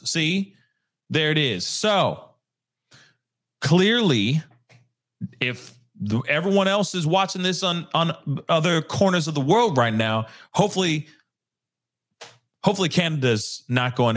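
A man's voice: on the high side, animated, measured pace, long pauses, a bit bright. Chatty man hosting a live show. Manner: chatty, talks straight to viewers, laughs at his own jokes. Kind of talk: casual live news commentary.

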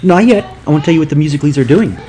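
A woman's voice: low-pitched, animated, racing, warm tone, soft background music. A woman co-hosting a casual family podcast, teasing and bantering playfully. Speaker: podcast co-host.

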